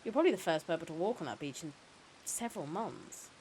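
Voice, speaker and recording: A woman reading the lines of a calm, careful male hospital doctor who explains things in a measured way. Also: lowish voice, a little hiss or hum, low-quality recording. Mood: calm explaining.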